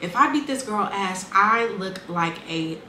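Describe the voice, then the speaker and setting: A woman's voice: medium pitch, lively intonation, measured pace, bright, forceful tone. A young woman, telling her life story casually and bluntly, swearing freely and acting out what people said. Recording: echoey room with faint ambient noise.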